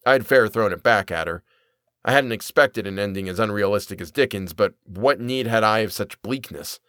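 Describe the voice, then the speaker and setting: A man reading a period story aloud as narrator, in an expressive, measured way. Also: fairly low pitch, no room sound, studio quality. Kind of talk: audiobook reading.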